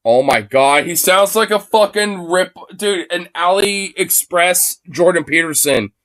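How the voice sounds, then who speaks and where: A man reacts to a debate clip in a loose, profanity-laced ramble that mocks the people in it. His voice sits a little high. The recording is dry and close, with no room sound. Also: measured pace, a bit bright, no echo. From Irish descent claimed, not origin. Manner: heavy swearing, rambling, mocking. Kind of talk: casual profane commentary.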